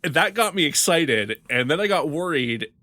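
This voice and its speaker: A man's voice: on the high side, animated, normal speed, sharp tone, no room sound. A man co-hosting a comedy podcast, playful and laughing often. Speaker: podcast co-host. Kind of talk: casual chat.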